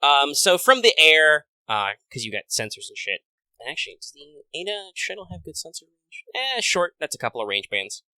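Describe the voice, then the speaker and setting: A man's voice: on the high side, very animated, a little fast, sharp tone, dry recording, low-quality recording. A man narrating a tabletop game as game master, rambling with many fillers and restarts.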